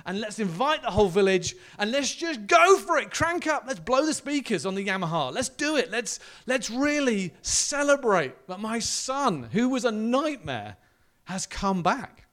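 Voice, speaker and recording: A man's voice: extremely high pitch, big pitch swings, normal speed. A preacher voicing a loving, generous father who is overjoyed and pleads with his son. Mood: joyful, pleading. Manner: exuberant, pleading.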